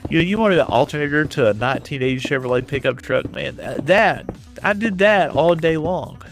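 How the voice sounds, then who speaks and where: A man's voice: fairly high pitch, animated, fairly quick, creaky, soft background music. A man from West Texas with a Texan accent, casually chatting and telling stories to viewers while playing a game. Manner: rambling storyteller, chatting with viewers. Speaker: streamer. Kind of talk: casual chat while gaming.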